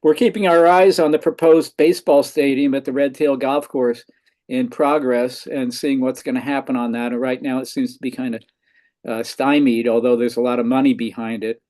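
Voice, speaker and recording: A man giving his community group's update at a meeting as a brisk run through a list of items. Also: mid-range voice, steady tone, a little mellow.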